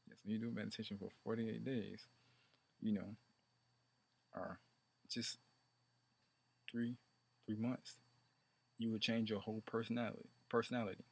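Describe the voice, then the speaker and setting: A man's voice: fairly low pitch, fairly even intonation, moderate pace, gravelly, long pauses, darkish tone, breathy edge. A man talking about meditation in a rambling, repetitive way, now and then chanting mantras. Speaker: meditation teacher. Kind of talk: rambling casual monologue.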